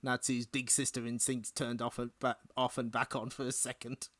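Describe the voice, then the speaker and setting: A man's voice: medium pitch, little pitch movement, normal speed, fairly bright tone, no room sound. A man streaming a fighting game, joking wryly and giggling as he plays. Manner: giggly, wry. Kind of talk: casual gaming commentary. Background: game music.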